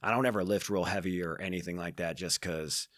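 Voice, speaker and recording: A man's voice: low voice, fairly even intonation, brisk, fairly bright tone, dry recording, studio quality. A man in his forties, a podcast guest, talking in a laid-back, joking way with short agreeing replies. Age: 40s. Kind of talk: casual chat.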